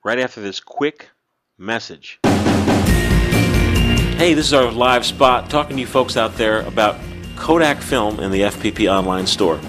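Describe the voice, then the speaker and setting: A man chatting on a podcast, his voice sitting fairly low. He talks in a friendly, salesy way, and faint music plays behind him. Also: a little slow, pauses often. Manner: chatty, salesy plugs, laughs often. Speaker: podcast co-host. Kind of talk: casual podcast chat.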